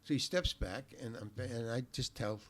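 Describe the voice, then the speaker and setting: An older man, a podcast guest, telling a long anecdote in an animated, profane, self-deprecating way. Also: medium pitch, normal speed. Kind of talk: anecdotal storytelling in a podcast interview.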